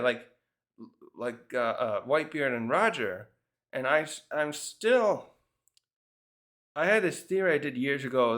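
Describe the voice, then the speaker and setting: A man casually reviewing a manga chapter, thinking out loud and often restarting his sentences. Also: medium pitch.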